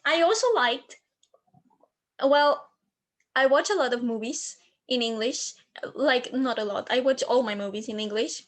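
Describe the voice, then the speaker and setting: A woman's voice: fairly high pitch, unhurried. A woman co-hosting a fan podcast in English, her second language after German, hesitant and searching for words. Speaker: podcast co-host. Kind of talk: casual podcast chat.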